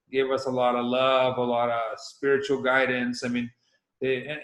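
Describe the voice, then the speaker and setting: A man's voice: mid-range voice, a bit bright, roomy sound, rough recording. A middle-aged man from Hawaii, a professional windsurfer talking as a guest in a casual, rambling interview. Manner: rambling, loose, with many restarts.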